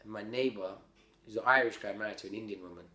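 Low-voiced man spinning a story. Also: quick pace. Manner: slangy, rambling, animated storytelling. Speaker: podcast guest. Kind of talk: casual storytelling. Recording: roomy echo.

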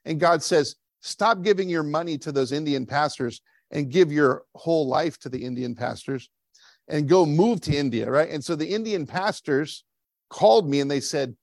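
A male pastor preaching a sermon in a casual, chatty way, tossing in "right?" after his points and slipping into little voices for quoted speech. His voice sits a touch high for a man, and the sound is close and dry with little room echo. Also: normal speed, vocal fry. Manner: conversational, frequent "right?" tag questions, acts out quotes. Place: church.

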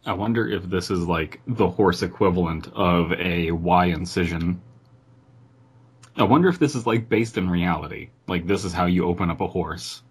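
A man co-hosting a comedy podcast, reading a story aloud in turns and making deadpan, joking asides. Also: low-pitched, moderate pace, husky.

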